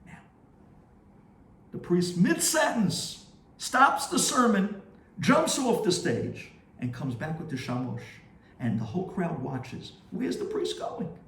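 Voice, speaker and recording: A man, a rabbi, telling a story in a sermon with animated, dramatic delivery. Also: high-pitched, takes it slowly, recorded from a distance, slight background noise. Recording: roomy echo, faint ambience.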